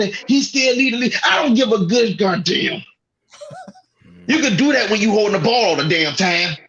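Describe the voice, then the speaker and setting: A man's voice: very high-pitched, a bit bright, dull audio. A man co-hosting a sports talk show, ranting in an exasperated, profane way. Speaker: podcast co-host. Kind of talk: heated sports rant.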